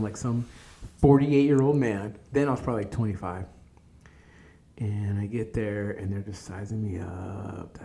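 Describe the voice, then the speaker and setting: Gravelly laid-back man telling stories. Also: on the low side, mellow, a little hiss or hum. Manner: laid-back, swears freely, laughs at himself. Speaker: podcast guest. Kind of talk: casual storytelling interview.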